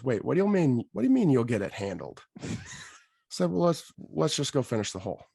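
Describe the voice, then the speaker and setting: A man hosting a podcast, telling an animated story and acting out what people said. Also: on the low side, creaky, dry recording, clean studio sound. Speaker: podcast host. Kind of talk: casual storytelling.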